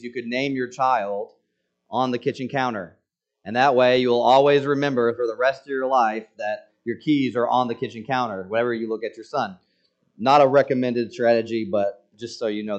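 A man's voice: mid-range voice, brisk. Joking preacher man, muffled sound. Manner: conversational and joking, with dramatic quoted lines. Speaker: pastor. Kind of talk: sermon.

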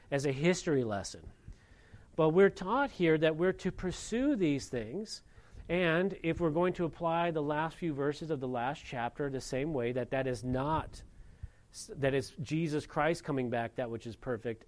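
A man's voice: on the high side, a little mellow. A man preaching a sermon, earnest and asking the congregation rhetorical questions. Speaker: pastor.

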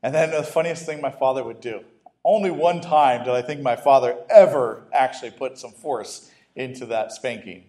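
A man's voice: medium pitch, moderate pace, mellow. A man preaching a sermon as a pastor, conversational, breaking off into humorous asides and restarts.

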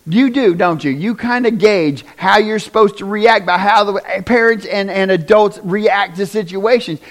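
A man preaching a conversational sermon, often asking the congregation questions and rising to loud, emphatic bursts. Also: sits high, normal speed. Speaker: pastor.

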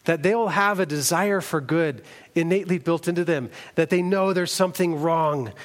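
Male preacher, earnest sermon delivery, voice a bit high. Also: moderate pace. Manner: earnest, reads scripture aloud, some restarts.

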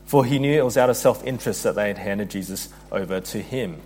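A man's voice: medium pitch, brisk, hardly any pauses. A man preaching a sermon as pastor, earnest, reading scripture aloud and building in intensity.

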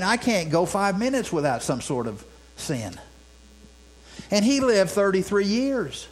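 A man's voice: high voice, poor audio. A man preaching a sermon in a conversational way, with many restarts and rhetorical questions. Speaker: pastor. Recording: mains hum.

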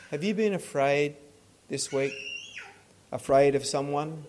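A man preaches slowly and earnestly, his voice sitting a little high for a man. He stumbles and restarts phrases and often falls to a hushed, pleading tone. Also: a little hiss or hum. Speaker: pastor. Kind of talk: sermon.

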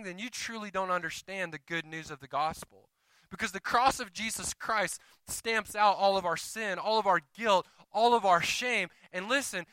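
A man preaches a sermon in a voice that rings high and very bright. His tone is smooth and clear, caught close and dry with almost no room sound. He swings from loud, emphatic calls to quiet, hushed asides, slipping into the voices of his listeners. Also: no echo, low-quality recording. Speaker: pastor.

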